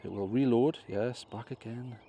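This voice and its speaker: A man casually talking through his drone flight outdoors step by step, clearing his throat now and then. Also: medium pitch, moderate pace, dark tone, a little hiss or hum. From England. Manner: chatty step-by-step explaining, self-correcting. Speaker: drone vlogger. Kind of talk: casual tutorial commentary. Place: outdoors on a hill.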